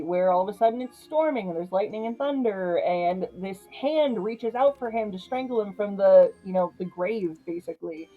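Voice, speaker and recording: A young woman casually recapping a horror comedy, chatty and animated, laughing often. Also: on the high side, rough recording. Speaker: film reviewer.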